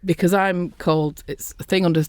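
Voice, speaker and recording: A middle-aged woman with a softened Lancashire accent, talking bluntly and earthily as a guest in a casual interview. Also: fairly low pitch, fairly even intonation, a little fast, no room sound. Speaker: podcast guest, construction safety professional.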